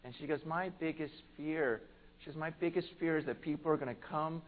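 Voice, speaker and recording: High-voiced man preaching, tinny sound. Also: steady tone, quick pace. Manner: fervent preaching, swings from loud to hushed; repeats words and starts lines over. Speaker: pastor. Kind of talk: sermon.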